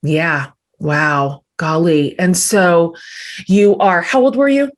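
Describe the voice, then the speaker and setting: A woman in her forties from Oklahoma, a podcast host who gently prompts her guest and offers frequent soft affirmations. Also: lowish voice, slow pace. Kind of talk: interview conversation.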